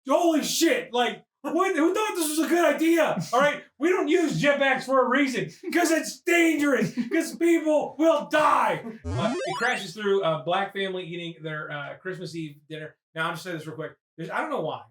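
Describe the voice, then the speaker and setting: A man doing a loud, profane, excitable comedic movie recap as podcast host, often breaking into shouts. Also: extremely high pitch, normal speed, hardly any pauses, echoey room.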